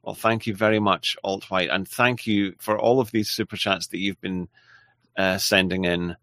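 A man hosting a casual livestream, reading viewer messages aloud in a halting, apologetic way. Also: sits low, steady tone, fairly bright tone, no room sound. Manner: halting and apologetic, with frequent restarts and laughs. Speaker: livestream host.

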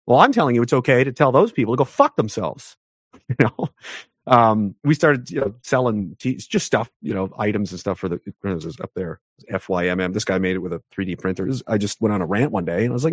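A man from Canada talks at a rapid clip as an interview guest, hammering his points home in a heated rant. His voice leaps upward whenever he stresses something. The sound is dry and close, with no room around it. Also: expressive, husky, no echo. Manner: emphatic, ranting, pitch jumps up sharply for emphasis.

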